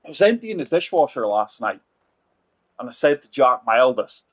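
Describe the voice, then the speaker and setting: A man doing casual gameplay chat, forties, husky, dry close sound. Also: mid-range voice, expressive, moderate pace, no echo. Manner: chatty, rambling, talks to viewers as guys. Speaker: gaming channel host.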